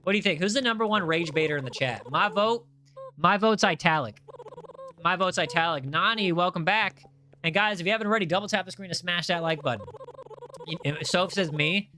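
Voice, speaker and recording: A young man hosting a casual game livestream, reading chat aloud in an excitable, jokey way with frequent restarts. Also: high-pitched, brisk. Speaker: livestream host.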